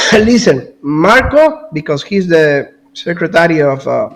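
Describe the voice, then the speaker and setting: A man talking as a guest analyst in casual political commentary, animated, repeating words and now and then coughing. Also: fairly high pitch, slow, low-quality recording.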